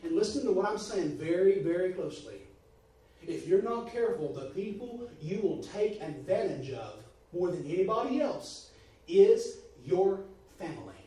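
A man's voice: high voice, very animated, normal speed, mellow. A middle-aged man, preaching a folksy, earnest sermon. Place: church sanctuary. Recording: echoey room from far off.

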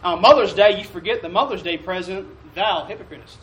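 A male pastor with a high-pitched voice gives a homey sermon, often pausing to ask "Amen?" and draw a response from the congregation, and slowly drawling mock King James commandments. Recorded from a distance, his voice echoes through a church sanctuary over a faint room hum.

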